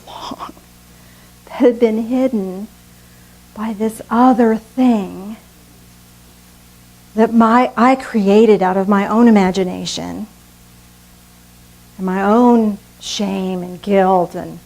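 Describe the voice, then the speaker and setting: A woman preaching a sermon, slow and earnest, with dramatic pauses. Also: medium pitch, darkish tone, rough recording. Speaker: pastor.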